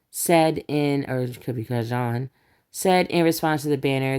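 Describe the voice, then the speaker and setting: A woman's voice: sits low, normal speed, mellow. A woman hosting a celebrity gossip channel, reading news quotes aloud and breaking off with sarcastic asides in a casual commentary style.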